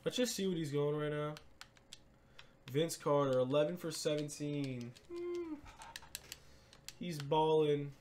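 A man giving live gameplay commentary as a gaming creator, excitable, swinging between low muttering and loud shouts and repeating catchphrases. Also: slow, pauses often, a little hiss or hum. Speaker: gaming YouTuber.

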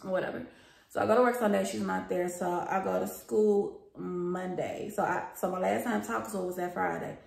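A young woman vlogger tells a story in casual chat, speaking straight to her viewers, calling them y'all, and swearing freely. Her voice is medium-pitched and gravelly with a steady tone and moderate pace, and the recording has a roomy echo.

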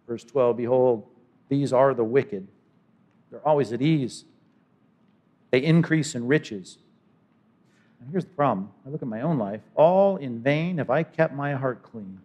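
A man preaching a sermon as pastor, swinging from loud to hushed and voicing imagined speakers. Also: medium pitch, lively intonation, normal speed, pauses often. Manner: dynamic preaching, voices imagined speakers, sudden drops to quiet.

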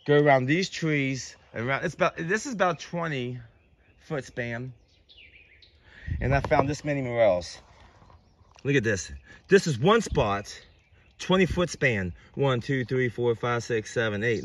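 A man vlogging outdoors in the woods, rambling excitedly and joking as he goes. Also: medium pitch, a little slow, slight background noise. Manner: excited, rambling, talks to mushrooms playfully. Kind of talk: casual outdoor vlog narration.

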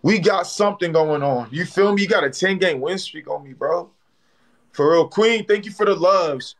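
A young man chatting on a phone livestream, loud and excitable, full of slang and repeated "bro". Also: high-pitched, moderate pace. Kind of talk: casual livestream banter.

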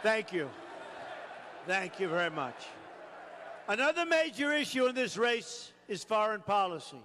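Male candidate at a rally podium, high-pitched, unhurried, emphatic and repetitive, long hall reverb. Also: big pitch swings, sharp tone, slight background noise. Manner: emphatic, repeats phrases. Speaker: political candidate. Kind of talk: campaign rally speech. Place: large rally venue.

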